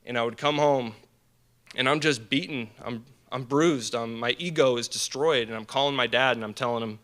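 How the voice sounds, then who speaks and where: A young man giving an earnest, animated personal story as a speaker at a team dinner, with many fillers and restarts. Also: mid-range voice, moderate pace. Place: banquet hall.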